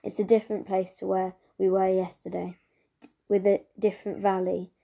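Woman reading a novel in a flat, mellow voice. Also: mid-range voice, moderate pace, gravelly. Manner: steady, even storytelling. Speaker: reader.

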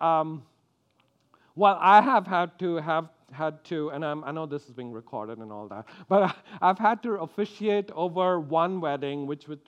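A man's voice: high-pitched, a bit bright, highs cut off. A man from India preaching a sermon, acting out quotes and often stumbling over and repeating his words.

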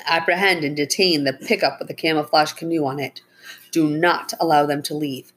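A woman voicing a firm male park ranger who gives brisk orders. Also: deep voice, steady tone, a bit bright. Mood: commanding. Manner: brisk and commanding.

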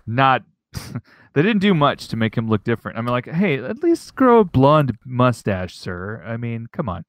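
A man's voice: medium pitch, very animated, measured pace, no room sound, clean studio sound. A man co-hosting a podcast in casual chat, playful and teasing. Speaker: podcast co-host.

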